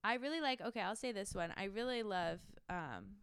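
A woman's voice: medium pitch, expressive, brisk, fairly bright tone, clear, resonant tone, dry recording, clean studio sound. A young woman, a singer-songwriter, chatting in an interview, gushing and emotional with lots of fillers. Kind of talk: casual interview chat.

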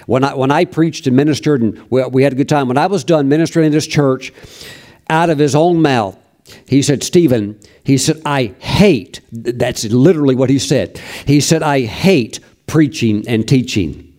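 Male preacher, folksy storyteller, mellow tone, lots of restarts. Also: mid-range voice, normal speed. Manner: folksy, anecdotal, many restarts. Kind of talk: sermon storytelling.

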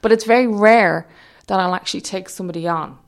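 An Irish woman in casual chat, telling an animated story and acting out voices with big jumps in pitch. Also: fast, gravelly.

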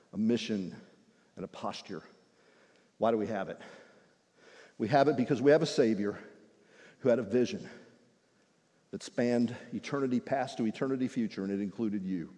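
Husky-voiced pastor preaching in a reverberant hall. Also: male voice, on the low side, normal speed, pauses often. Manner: lively, conversational preaching with humor. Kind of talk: sermon. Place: church sanctuary. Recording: long reverb in a large hall.

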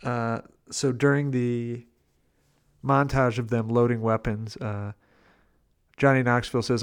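A man's voice: medium pitch, flat delivery, unhurried, clear, resonant tone. A man co-hosting a podcast, chatting casually about a film and quoting its lines in playful impressions. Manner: laid-back, quotes lines with playful impressions. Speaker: podcast co-host. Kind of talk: casual movie review chat.

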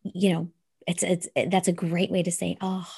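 A woman co-hosting a podcast, chatting in a gentle, encouraging way about spirituality and reading a quote aloud. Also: lowish voice, flat delivery, normal speed, vocal fry, husky. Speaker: podcast co-host. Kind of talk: casual spiritual chat.

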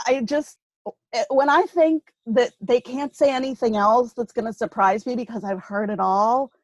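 A middle-aged woman guest telling dating stories in lively casual chat. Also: on the high side, moderate pace, no room sound. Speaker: guest, author.

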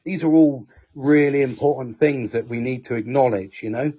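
A man's voice: mid-range voice, steady tone, moderate pace, mellow, slightly rough. A man hosting a podcast, talking casually and giving reassuring advice, calling people mate. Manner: reassuring, calls everyone mate. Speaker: podcast host. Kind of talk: casual chat. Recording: dull lo-fi audio.

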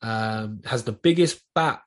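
A man's voice: fairly low pitch, measured pace. A man with a South East London accent, chatting loosely on a podcast and swearing a lot as he rambles. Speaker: podcast guest. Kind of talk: casual chat.

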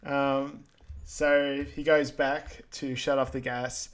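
A man's voice: mid-range voice, takes it slowly, clear, resonant tone. A man, recapping a film and agreeing briefly. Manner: relaxed, brief agreeing replies. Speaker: podcast co-host. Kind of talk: casual chat rewatching a film.

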